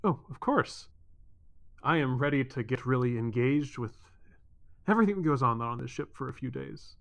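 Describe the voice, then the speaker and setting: An eager male hologram journalist, acted by a man in a tabletop game. He chatters on in a bright, clear voice and stumbles through quick restarts. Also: mid-range voice, lively intonation.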